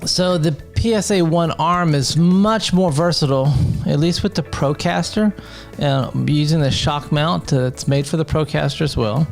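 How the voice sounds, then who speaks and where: A man's voice: a little high, normal speed, vocal fry, faint music behind. A man giving a casual product demo at his home desk, explaining while he handles the gear, with frequent ums and uhs. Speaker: gear reviewer and teacher.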